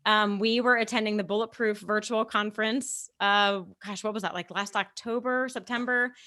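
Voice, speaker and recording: A woman co-hosting a podcast over a remote call, in casual chat, bubbly and animated, often saying "like". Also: mid-range voice, normal speed. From Las Vegas. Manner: bubbly, animated storyteller with frequent "like". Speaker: podcast co-host.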